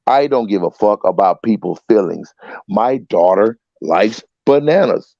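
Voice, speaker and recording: Man, panel argument, insistent, mellow voice, lively pitch, lo-fi dry audio. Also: measured pace, no echo. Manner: profane, repeats himself insistently.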